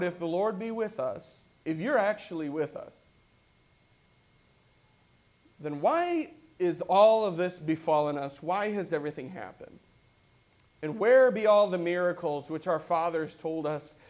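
Male pastor, high-pitched, conversational sermon delivery, reads verses and unpacks them. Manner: conversational preaching, reads scripture then explains it; acts out quoted voices with rising excitement.

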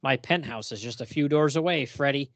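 A man's voice: medium pitch, brisk, fairly bright tone, no echo, lightly acted. A man voicing a sleazy, smug male street lout from a comic who leers at a woman as he talks. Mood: leering.

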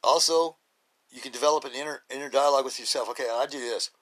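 Rambling man with a bright, forceful voice. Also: mid-range voice, quick pace. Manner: rambling, blunt, with many fillers and restarts. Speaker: podcast host. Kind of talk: casual monologue.

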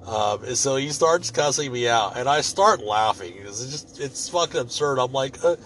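A man's voice: mid-range voice, lively intonation, moderate pace, few pauses, a bit bright. A man telling a story in a casual, rambling way, swearing freely and joking as he goes. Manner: profane, rambling, loose and joking.

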